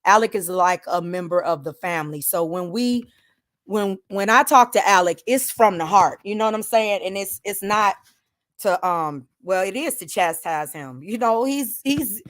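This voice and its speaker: An older woman hosting a livestream, talking in an emphatic casual rant that swings from loud to hushed, with sighs. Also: mid-range voice, expressive, moderate pace. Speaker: livestream host.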